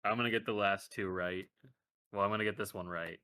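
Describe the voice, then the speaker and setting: A man playing a tabletop game, speaking slowly and joking around. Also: on the low side, steady tone, pushed and bright, smooth. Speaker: player.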